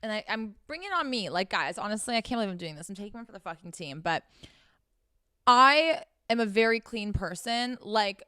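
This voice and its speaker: Young woman ranting brash advice, mid pitch, crisp voice, lots of swearing. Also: lively intonation, a little fast, sharp tone, no echo, clean studio sound. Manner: profane, brash and emphatic. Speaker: podcast host giving sex advice. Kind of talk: blunt advice monologue.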